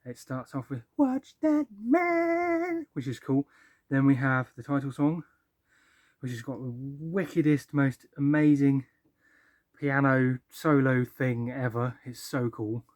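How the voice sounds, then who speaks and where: A man's voice: mid-range voice, fairly even intonation, a little slow, no echo. Chatty young man ranking albums. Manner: chatty and enthusiastic, many ums and likes. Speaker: music vlogger. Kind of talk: casual album-ranking talk.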